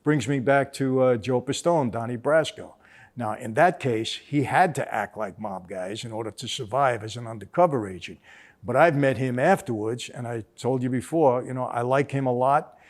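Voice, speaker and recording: A man's voice: medium pitch, normal speed. An older man from the East Coast of the US, hosting and reviewing a film in a casual, storytelling way, with many fillers, acting out quoted lines. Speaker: host reviewing a mob film.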